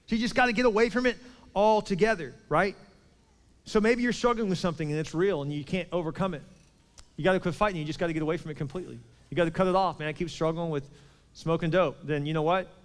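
A man pastor preaching a sermon, emphatic, swinging between loud and hushed passages. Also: high-pitched, fast, in a large hall.

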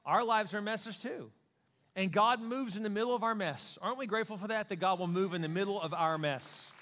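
A male pastor preaching a sermon in a conversational, joking and animated way. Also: high voice, quick pace, long reverb tail.

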